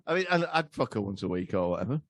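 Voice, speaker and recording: A man's voice: fairly low pitch, no room sound. A man, a podcast guest telling crude, rambling stories in casual chat. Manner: crude, rambling, laughing storyteller.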